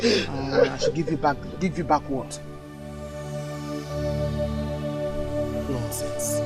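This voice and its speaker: A woman's voice: a bass voice, animated, measured pace, music in the background. An actress playing a fierce, emotional village mother who pleads and scolds, in a film drama. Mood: angry. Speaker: mother of the healer. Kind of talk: Nollywood film acting.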